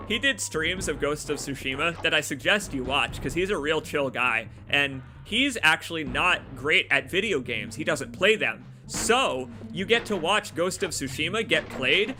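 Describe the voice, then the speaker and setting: A young man streaming a game, rambling and joking with his chat, his voice a little hoarse from long talking. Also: on the high side, bright, forceful tone. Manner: rambling, joking, self-deprecating asides to chat. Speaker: let's play streamer. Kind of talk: casual gameplay commentary.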